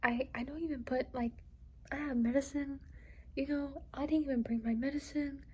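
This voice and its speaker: A woman's voice: sits high, steady tone, moderate pace, mellow, low-quality recording. A young woman in a casual personal vlog, talking in a rambling way with lots of "like" and "you know", trying to hold back tears. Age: young adult. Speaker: vlogger.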